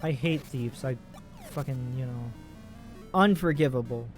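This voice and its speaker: A man's voice: fairly high pitch, animated, normal speed, faint music behind. Profane, rambling gamer man. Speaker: let's play host. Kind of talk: casual gameplay commentary.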